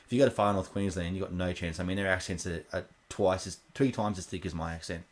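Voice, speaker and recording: Brief: Australian man, lowish voice, casual rambling reaction host, hesitant with ums. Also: steady tone, fast talker. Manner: rambling, lots of ums and restarts.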